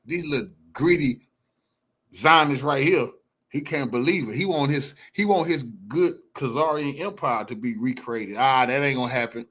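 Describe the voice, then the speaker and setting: A man tears into a clip he is watching, loud and mocking, full of slang. His voice is husky and a bit high, and it swings wildly from shouts down to low mutters. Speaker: reaction streamer. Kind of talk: ranting reaction commentary.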